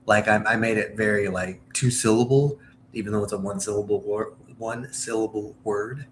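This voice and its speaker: A man's voice: on the low side, normal speed, a little hiss or hum. A man from Southern Indiana chatting casually on a livestream while baking, rambling from one topic to the next. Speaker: livestream host.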